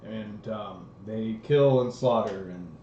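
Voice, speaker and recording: Brief: male player, low voice, very slow and hesitant, echoey dull stream audio. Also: warm tone, a little hiss or hum. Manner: slow, halting speech with many ums. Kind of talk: casual tabletop play. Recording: roomy, dull livestream audio.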